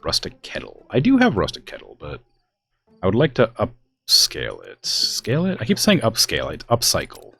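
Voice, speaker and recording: A man's voice: fairly low pitch, wildly swooping pitch, moderate pace, vocal fry, sharp tone, slightly rough. A man from the US West Coast streaming a game, chatting casually and rambling with lots of fillers. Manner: rambling, filler-heavy, exasperated about family. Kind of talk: casual chat while gaming.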